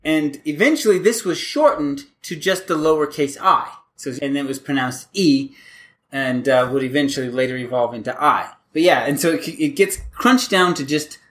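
A man with a slightly high, somewhat bright voice hosts a casual podcast, explaining things as he goes. He rambles chattily, restarts sentences often and keeps a loose, talky flow. He's expressive, with a moderate pace and few pauses.

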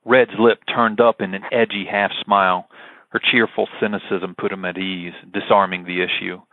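A man reading an audiobook in steady, scripted narration. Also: sits low, normal speed, dry recording. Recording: tinny, phone-like, dry.

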